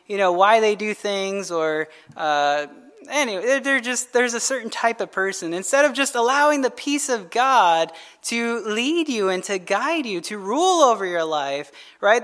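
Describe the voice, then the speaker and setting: Preaching a midweek sermon, this pastor has a very high-pitched, slightly bright man's voice. He keeps it conversational and loose, repeatedly asking "right?" and tossing jokes to the congregation.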